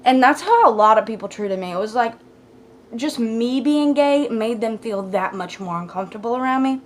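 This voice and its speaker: A young woman casually telling a personal story to the camera in a blunt, profane way, swinging between loud asides and hushed whispers. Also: on the high side, lively intonation, normal speed. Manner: blunt, profane, talks with lots of fillers.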